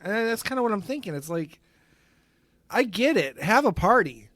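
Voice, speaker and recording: A man co-hosting a casual podcast in a sardonic, deadpan way. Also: high-pitched, moderate pace, no echo. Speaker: podcast co-host. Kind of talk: casual chat.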